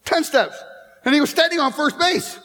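A man in his fifties preaches from a church platform, spinning stories and teasing the congregation. His voice sits unusually high. The room rings with a long reverb. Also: moderate pace, pushed and bright. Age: 50s. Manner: storytelling, joking with the congregation. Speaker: pastor. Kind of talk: sermon. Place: church sanctuary.

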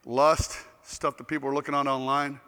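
A man preaching a sermon, telling stories in an animated, joking way. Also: mid-range voice, normal speed, smooth. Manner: animated, joking storyteller who acts out quotes loudly. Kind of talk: storytelling sermon. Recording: long hall reverb.

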